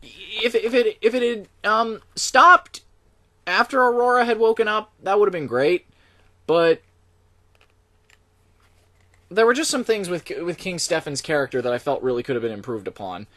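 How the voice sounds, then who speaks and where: Lively, hesitant young man reviewing films. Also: sits high, normal speed, pauses often, no room sound. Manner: hesitant, many ums and restarts; opinionated, lively complaining. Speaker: film reviewer. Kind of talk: casual spoken movie review.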